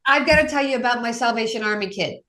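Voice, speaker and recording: A woman with a fairly high voice tells stories from her work as an addiction coach. She talks in a lively, animated way and acts out the quotes of the people in her stories. It is a casual interview. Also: fast.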